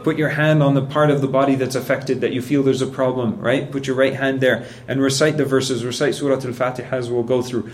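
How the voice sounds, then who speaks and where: In a mid-range, somewhat mellow voice, a man teaches religion conversationally, checking in often with "right?" and playing out people's reactions. Slight background noise is audible.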